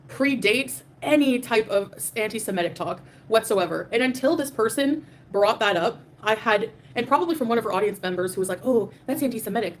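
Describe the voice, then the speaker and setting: A woman's voice: medium pitch, slight background noise. Defiant ranting woman on a livestream. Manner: defiant, ranting, profane, frequent fillers. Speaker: livestream host. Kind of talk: livestream rant reading super chats.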